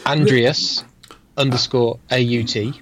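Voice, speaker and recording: A man co-hosting a podcast, reading out listener messages in a dry, low-key manner with frequent murmurs of agreement. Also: steady tone, slow, slight background noise. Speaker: podcast co-host. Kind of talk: casual chat, reading listener feedback.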